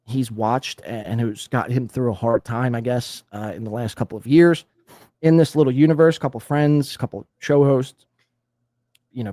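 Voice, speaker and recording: A man talking casually and haltingly, restarting often as he explains himself. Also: mid-range voice, warm tone, no room sound, clean studio sound. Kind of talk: casual talk from a played clip.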